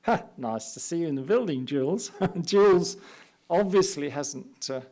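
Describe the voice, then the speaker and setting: An older man with a British accent talks his audience through slides in a public lecture. His voice sits slightly high for a man, and he keeps slipping in wry, self-mocking asides between his points. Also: animated, unhurried, a little mellow. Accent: British English. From England. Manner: wry, anecdotal, self-deprecating humor. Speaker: architect giving a lecture. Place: lecture hall at an art academy.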